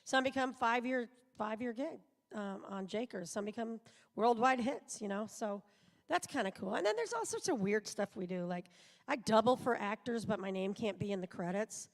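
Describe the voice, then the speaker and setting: A woman's voice: fairly high pitch, animated, moderate pace. A middle-aged woman from the United States, a voice actor, chatting in a rambling, self-deprecating way as a guest on a live convention panel in an auditorium.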